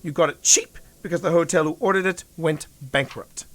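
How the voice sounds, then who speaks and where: A man voicing a sharp, dismissive older wife who chides in a low, dry tone. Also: moderate pace, natural voice. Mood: chiding.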